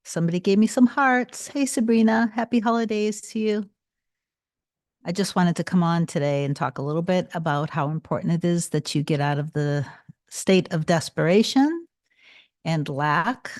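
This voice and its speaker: A woman's voice: fairly low pitch, moderate pace, darkish tone, dry recording, studio quality. Tired woman chatting on a livestream. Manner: chatty, greets viewers by name, repeats phrases. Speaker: manifestation coach hosting a livestream. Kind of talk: casual livestream chat.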